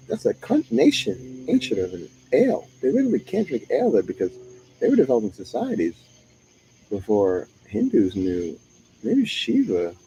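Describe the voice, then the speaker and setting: A man's voice: fairly high pitch, vocal fry, warm tone, a little hiss or hum, rough recording. A man streaming live, talking in a profane monologue that jumps from one topic to the next.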